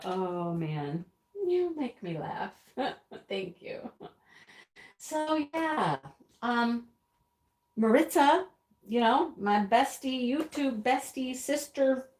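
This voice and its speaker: A woman hosting a casual live stream, chatting, laughing often and reading out viewer comments. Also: on the high side. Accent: American. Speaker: livestream host. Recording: roomy echo.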